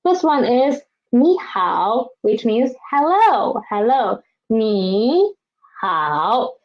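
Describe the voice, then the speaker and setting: In a dull, lo-fi recording, a woman teaching Chinese vocabulary speaks slowly in a high, sing-song, lilting voice. She repeats each word twice, drawing it out carefully, as her class reads after her.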